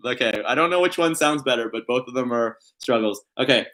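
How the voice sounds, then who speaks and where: A young male vlogger with a mid-range, fairly bright voice chats briskly with hardly any pauses. He's playful and giggly, laughs easily, hams up jokes, and reads puns in a put-on emphatic voice during his casual vlog.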